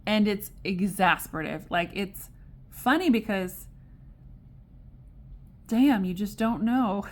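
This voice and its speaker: A woman's voice: medium pitch, animated, slow pace. A woman giving a casual tarot reading to camera, chatty and digressive, exasperated yet amused. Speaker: tarot reader.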